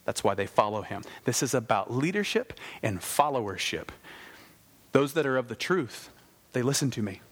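A man preaching a sermon in a lively, conversational way, with wry asides. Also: mid-range voice, normal speed. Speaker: pastor.

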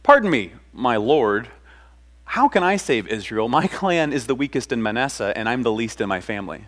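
A man's voice: medium pitch, very animated, slow. A man voicing a timid young man who pleads that he is too weak, in a self-deprecating way. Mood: pleading.

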